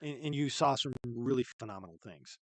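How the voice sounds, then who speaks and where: A man's voice: mid-range voice, brisk, no room sound. Easygoing man hosting a podcast chat. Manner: laid-back and chatty, says "rad" and "dude" a lot. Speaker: podcast host. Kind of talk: casual live-stream podcast chat. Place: studio.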